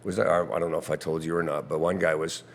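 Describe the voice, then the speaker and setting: A man's voice: rumbling low, flat delivery, fast, slight background noise. A middle-aged man, a guest musician, telling stories with lots of laughs over drinks in the back bar of a pub. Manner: storytelling, laughing often. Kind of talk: casual chat over drinks.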